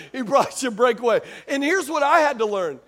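A pastor preaches a sermon conversationally, repeating phrases and asking the congregation questions. His voice is very high with big pitch swings and a fairly bright tone, at a normal speed.

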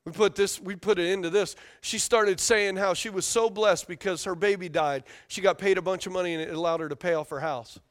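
A man with a high voice preaches from a church stage into a microphone. He talks loosely, with slang, and keeps calling on the congregation to answer back. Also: brisk, few pauses. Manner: energetic, call-and-response with congregation, casual slang. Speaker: pastor. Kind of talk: sermon. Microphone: handheld or stage microphone.

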